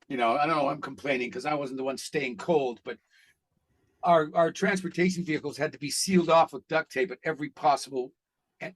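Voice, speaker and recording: A man who is an actor, telling stories in a casual interview, animated and blunt, with some profanity. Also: mid-range voice. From Canada. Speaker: actor guest.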